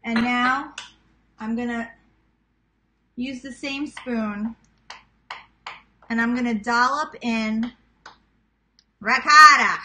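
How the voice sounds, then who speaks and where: Bright-voiced New York woman cooking. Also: a little high, steady tone, slow, long pauses, a little hiss or hum, low-quality recording. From Queens, New York. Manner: chatty, self-teasing, talks to viewers as guys. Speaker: cooking vlogger. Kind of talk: casual cooking demonstration.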